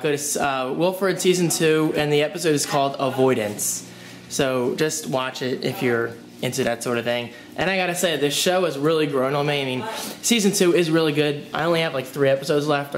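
A man's voice: fairly high pitch, a little hiss or hum. A young man chatting casually in a home vlog, joking around and talking to his dogs as he moves from room to room. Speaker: vlogger. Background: music playing from his phone.

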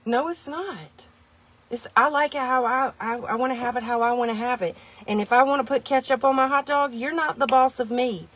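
Lady vlogging a product review from her car, slightly high voice, chatty and self-mocking. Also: brisk, a bit bright. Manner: rambling, self-mocking, talks to viewers. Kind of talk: casual product review vlog.

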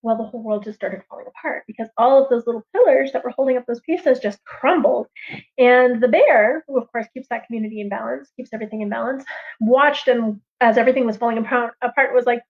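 A woman storyteller telling a traditional tale on a livestream in a lively, chatty way, with casual asides. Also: fairly high pitch, fast. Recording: dull lo-fi livestream audio.

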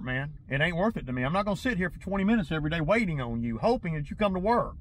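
A man's voice: fairly high pitch, expressive, rapid-fire, few pauses, a little hiss or hum, rough recording. A man venting to his viewers in a casual vlog, agitated and rambling, tripping over and repeating his words. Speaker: lawn care business owner.

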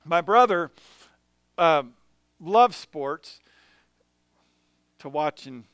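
Bright, clear-voiced male preacher. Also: fairly high pitch, extremely slow, no room sound. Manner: storytelling, animated, chuckles between anecdotes. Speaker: pastor. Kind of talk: sermon with personal stories. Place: church sanctuary.

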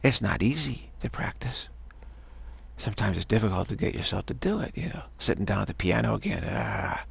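A middle-aged man gives a motivational talk on his practice, driving his points home by saying them twice. His voice sits fairly low and carries a husky, gravelly grain. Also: expressive, fairly quick. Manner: emphatic, repeats phrases for stress. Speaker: teacher of a self-development practice.

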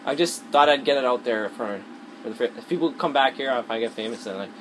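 A man's voice: mid-range voice, fast talker. A man giving rambling, self-conscious gameplay commentary, swearing often as he plays. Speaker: let's play gamer. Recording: noisy with game audio. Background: loud gunfire and game sounds.

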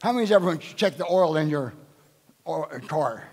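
A man's voice: a little high, animated, moderate pace, a little mellow. An older man, a bishop, preaching a sermon at a live church service and quizzing the congregation with rhetorical questions. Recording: echoing church hall.

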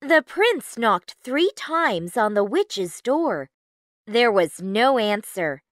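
A woman narrating a children's storybook clearly for learners. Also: fairly high pitch, sing-song, slow, no room sound, studio quality.

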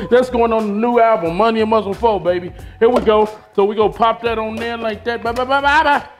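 A man hosting a fitness vlog, talking loud, hyped and slangy with a boastful edge. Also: very high voice, a little fast, soft background music. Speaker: fitness vlogger. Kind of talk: casual vlog.

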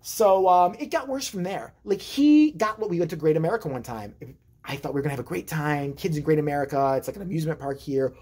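Animated husky man telling a story. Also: fairly high pitch, quick pace. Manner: animated, profane, rambling. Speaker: vlogger. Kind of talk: comedic personal storytelling.

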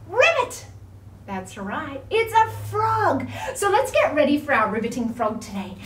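A kids' yoga teacher with an Australian accent and a high voice guides toddlers online at normal speed, sing-song and playful, gasping big in surprise. The mic is distant, giving a roomy sound with faint ambience.

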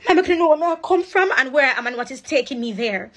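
Woman preaching and venting on a phone live, gets teary, voice a bit high. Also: animated, quick pace, few pauses. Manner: emotional and preachy, switching between patois and standard English. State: crying at times. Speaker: livestreamer. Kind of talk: impassioned livestream rant.

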